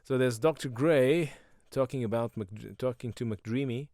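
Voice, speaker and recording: A middle-aged man hosting a solo podcast, rambling sardonically and breaking into quick silly voices. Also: medium pitch, darkish tone, dry recording, clean studio sound. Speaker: podcast host.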